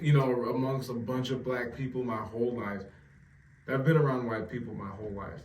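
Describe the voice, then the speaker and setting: A man, talking casually as a podcast co-host, animated and repeating words when he gets going. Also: mid-range voice, slight background noise. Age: 40s. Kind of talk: casual chat. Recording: roomy sound, mic at some distance.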